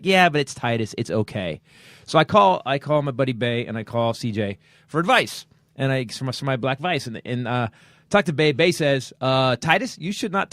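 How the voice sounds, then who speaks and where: Animated middle-aged male podcast host. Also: mid-range voice, no echo, studio quality. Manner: animated storytelling, acts out quoted friends. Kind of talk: casual comedy podcast talk.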